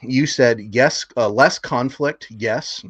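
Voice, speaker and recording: A man's voice: mid-range voice, slow pace, dry recording. A man co-hosting a casual political podcast, running through numbers from notes with frequent fillers and chuckles. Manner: laughs often, fillers, reads figures from notes. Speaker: podcast co-host. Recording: dry, dull lo-fi sound.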